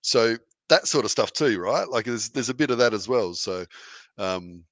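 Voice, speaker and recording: A man's voice: fairly low pitch, animated, moderate pace, fairly bright tone, dry recording. A man, a wrestler guest on a podcast, talking in a rambling, easygoing way with many restarts. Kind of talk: casual interview chat.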